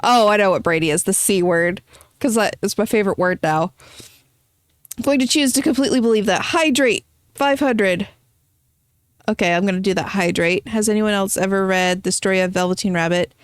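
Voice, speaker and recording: A woman's voice: medium pitch, brisk, clear, resonant tone, no room sound, studio quality. A woman streaming a video game, chatting casually and playfully with her viewers and teasing them as she reads their messages. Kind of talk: casual gameplay live-stream chat.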